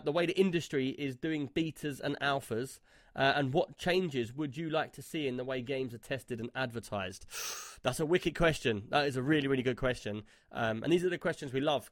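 Male podcast co-host, slightly higher voice, loose rambling chat about games. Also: no room sound, studio quality. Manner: chatty, rambling with fillers and restarts. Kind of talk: casual gaming podcast chat.

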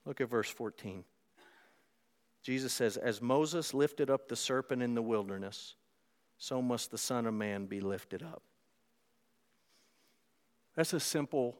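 A pastor preaching a sermon in a conversational way, climbing louder and higher for emphasis. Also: male voice. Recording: preached in a reverberant hall.

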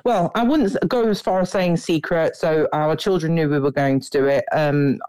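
A woman's voice: low voice, normal speed, darkish tone, no room sound. Chatty woman caller, dry sound. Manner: chatty, filler-heavy storytelling. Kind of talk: telling a story on a call.

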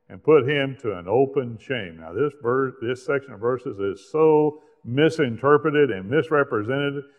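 A man preaching a sermon, slowing down hard to stress scripture passages and pressing each point with emphasis. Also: medium pitch. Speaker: pastor. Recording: echoey hall, tinny phone-like sound.

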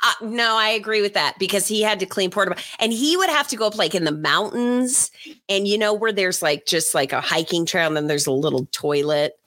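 A woman's voice: medium pitch, fairly quick, a bit bright. A woman co-hosting a radio show, teasing and blunt in casual chat. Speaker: radio co-host.

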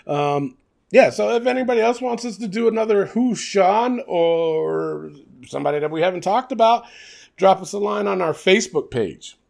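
Male podcast co-host, young, a little high-pitched, animated and chatty with frequent laughs. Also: moderate pace, creaky. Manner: animated, laughs often, many fillers. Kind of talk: casual wrestling chat.

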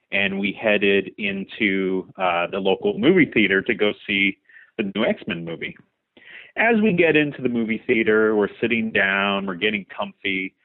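A young man leaving a voicemail for a podcast, telling a story in an animated way. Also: lowish voice. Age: young adult. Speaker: caller. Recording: tinny phone line.

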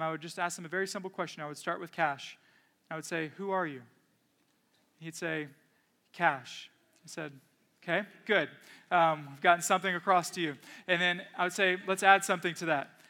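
Male pastor, thirties, high voice, bright tone, earnest conversational sermon. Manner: earnest, conversational preaching with personal stories.

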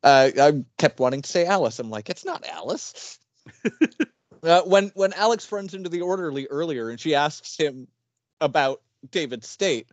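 A chatty man on a casual film podcast, easygoing, sometimes fumbling for the right word. His voice sits a touch high and is recorded dry and close. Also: lively intonation, moderate pace, dry recording, muffled recording. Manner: chatty, searching for words, laughs easily. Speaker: podcast co-host.

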